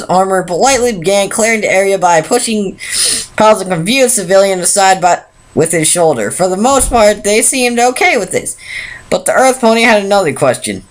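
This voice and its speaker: A woman's voice: mid-range voice, animated, a little fast, poor audio. A woman reading a pony fan story aloud, unpolished, stumbling and restarting often. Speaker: fan fiction reader.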